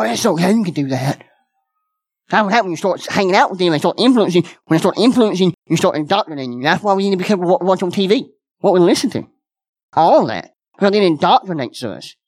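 High-voiced preacher man. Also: very animated, quick pace, no room sound. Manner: folksy, repeats phrases, many restarts. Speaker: pastor. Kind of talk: sermon.

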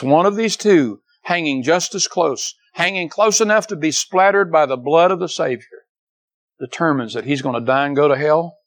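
Older man, pastor, sermon, emphatic, slightly high voice, soaring then hushed, repeats "can I tell you". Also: animated, moderate pace, dry recording, rough recording. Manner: emphatic preaching, rising to loud peaks and dropping low.

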